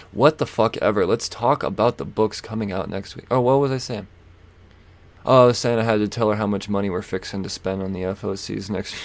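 A man's voice: sits low, vocal fry. A man hosting a solo podcast, chatting casually and rambling with lots of fillers, swearing and self-mocking asides. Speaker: podcast host. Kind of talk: casual solo comic-book podcast chat.

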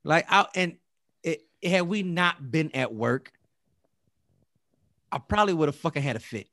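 A man of Latin American heritage telling a story in casual chat, animated and profane, often repeating and restarting words. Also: a little high, unhurried, dry recording, clean studio sound.

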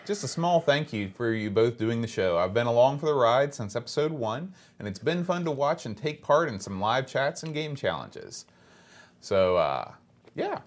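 A man's voice: mid-range voice, moderate pace. Casual male podcast host reading mail. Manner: relaxed, chatty, frequent uh fillers, reads emails aloud.

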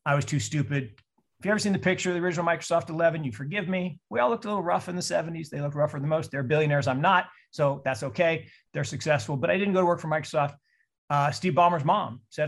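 Older man, 60s, from Seattle, lively investor talk on a call, slightly higher voice. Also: fast, gravelly. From Seattle, USA. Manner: animated storytelling with mock voices. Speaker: investor speaker. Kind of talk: presentation on a call.

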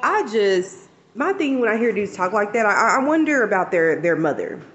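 A man's voice: high-pitched, very animated, normal speed, a bit bright, dull audio, faint music behind. A man leaving a reflective, questioning voice message. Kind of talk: casual chat.

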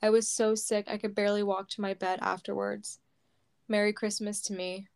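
A woman reads aloud from her own memoir at a slow, heavy pace, sounding close to tears. Her voice is smooth and clean, and her pitch stays level, rarely rising or falling. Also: level tone. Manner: slow, heavy, measured storytelling. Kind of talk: reading aloud a personal memoir.

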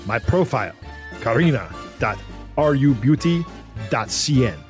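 A man voicing a woman from Russia in a put-on Russian accent, reading a dating-site pitch in a stilted, mock-earnest, formal way. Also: lively intonation, unhurried, soft background music, close to an everyday voice.

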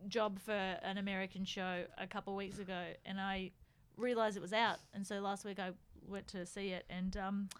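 A woman's voice: mid-range voice, normal speed, smooth. A woman, a comedian guest telling stories in casual podcast chat, laughing often. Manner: laughs often, animated storytelling.

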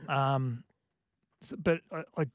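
A man, a radio guest, talking in a halting, reflective way with many restarts. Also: mid-range voice, clean tone, no room sound. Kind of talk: casual radio chat.

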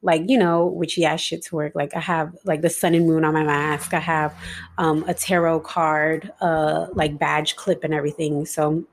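A woman's voice: low-pitched, level tone, moderate pace, a little hiss or hum. A young woman hosting a podcast, talking in a rambling, casual way full of "like" and "um" fillers, with some swearing. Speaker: podcast host. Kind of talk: casual spiritual podcast monologue.

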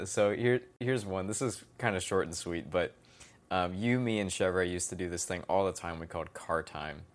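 Deep-voiced laid-back young man. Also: normal speed. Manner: laid-back, hesitant, lots of fillers. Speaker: podcast co-host. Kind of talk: casual chat.

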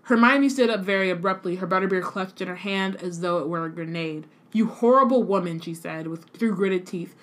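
A woman's voice: lowish voice, steady tone, fairly quick, few pauses, a bit bright. A woman co-hosting a casual read-along stream, reading passages and commenting on the characters with slang. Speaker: co-host reading a book aloud on stream.

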